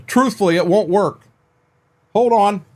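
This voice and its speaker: A man's voice: high voice, unhurried. Rambling older man streaming a farming game. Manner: rambling, repeats and restarts words, talks to chat by name. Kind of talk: casual livestream chat with viewers. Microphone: desk microphone.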